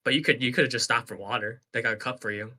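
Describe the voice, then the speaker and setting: A man's voice: mid-range voice, steady tone, fast, sharp tone. A man co-hosting a podcast, telling a story in casual chat with lots of fillers and laughs. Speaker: podcast co-host.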